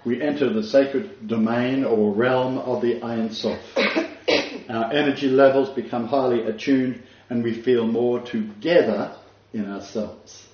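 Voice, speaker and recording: A man giving a spiritual lecture as a rabbi to a small live group, halting, with frequent fillers and restarts. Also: mid-range voice, steady tone, darkish tone, a little hiss or hum. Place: room with a small audience. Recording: distant, roomy, dull room recording.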